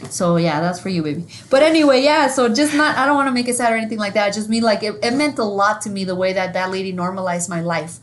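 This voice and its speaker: A woman co-hosting a podcast, telling stories in a casual, profane, animated way. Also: mid-range voice, fast talker, hardly any pauses, a little hiss or hum. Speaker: podcast co-host. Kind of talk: casual chat.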